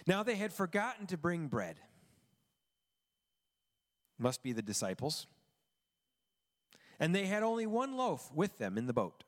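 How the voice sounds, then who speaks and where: Animated preacher man in echoing hall. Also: high-pitched, a little slow, pauses often. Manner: expressive, emphatic preaching with rhetorical questions. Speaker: pastor. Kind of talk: sermon.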